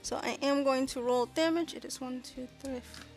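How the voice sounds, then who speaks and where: A woman's voice: high-pitched, fairly even intonation, normal speed, faint music behind. A woman running a tabletop game as game master, chatty and full of fillers as she narrates.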